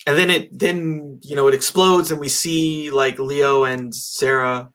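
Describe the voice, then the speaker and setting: A man's voice: on the high side, steady tone, measured pace, a bit bright. Rambling man in casual movie chat. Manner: rambling, many fillers and restarts.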